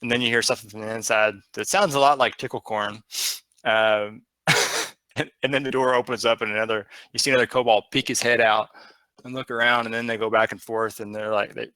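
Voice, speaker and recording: A man's voice: mid-range voice, steady tone, fairly quick, bright, forceful tone, clear, resonant tone, no echo, poor audio. A man narrating as game master of a tabletop game, rambling with fillers and restarts.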